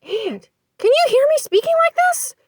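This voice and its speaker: A woman's voice: extremely high pitch, big pitch swings, normal speed, dry recording, studio quality, voice pushed up. A woman voicing a timid young country woman who speaks unsteadily and trembles. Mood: startled.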